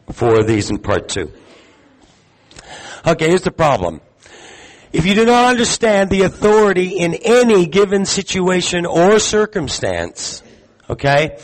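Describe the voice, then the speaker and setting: A man giving a live sermon to a congregation, talking conversationally, putting questions to the room and filling pauses with ums. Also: a little high, rough recording. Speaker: teacher at a congregation gathering. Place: gathering hall with audience.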